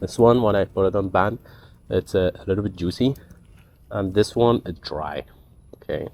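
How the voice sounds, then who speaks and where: A man's voice: low-pitched, moderate pace, darkish tone. A man hosting a casual cooking vlog in his backyard by a wood fire, chatty and exclaiming at the spicy food. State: teary, runny nose from smoke and spice. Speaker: cooking vlogger.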